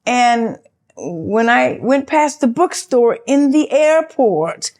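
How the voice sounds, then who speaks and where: An older woman, an actress, telling a story in a sit-down interview in a chatty, animated way and acting out the dialogue. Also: slow. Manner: animated, acts out quoted dialogue with big pitch jumps; chatty, loose, with fillers and self-interruptions.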